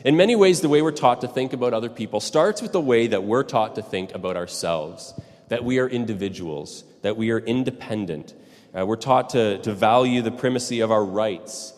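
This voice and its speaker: A man's voice: fairly low pitch, a little mellow, long reverb tail. A man preaching a sermon as a pastor, opening with a chatty anecdote full of fillers. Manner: conversational storytelling, many fillers.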